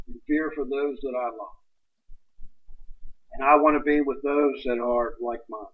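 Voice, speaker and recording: A man preaching a sermon in a folksy, emphatic way, swinging between loud points and hushed ones. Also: on the high side. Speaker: pastor. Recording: dull distant livestream sound.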